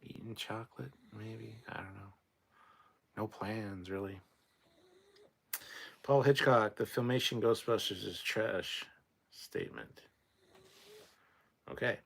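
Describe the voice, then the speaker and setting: Slow and steady in tone, with vocal fry and frequent pauses, a sleep-deprived man rambles through a casual late-night livestream. He reads out chat in a tired mumble that sinks into low mutters.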